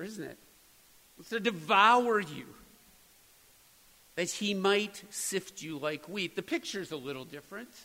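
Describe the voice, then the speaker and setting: Pastor, male, bright high voice, slow deliberate sermon delivery. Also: big-room sound, low-quality recording. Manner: earnest preaching, rising to emphatic peaks.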